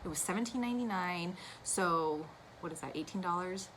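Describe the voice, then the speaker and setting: Casual woman vlogger, a little low-pitched, chatty and enthusiastic, light room hum behind. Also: moderate pace, fairly bright tone, low-quality recording. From United States. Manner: chatty and gushing, with asides. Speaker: cross-stitch vlogger. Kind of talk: casual chat to camera.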